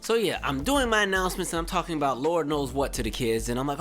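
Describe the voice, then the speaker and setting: A man's voice: a little high, quick pace, few pauses, faint music behind. A man in his twenties, a podcast host telling a story casually, acting out the people in it with a raised voice. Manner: animated, acts out quotes with raised voice.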